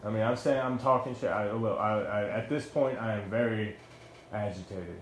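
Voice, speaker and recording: A man's voice: lowish voice, moderate pace, reverberant, a little hiss or hum. A young man, a former Marine, telling the story of his own arrest in a heated, blunt way, with swearing and many restarts. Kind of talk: heated first-person account.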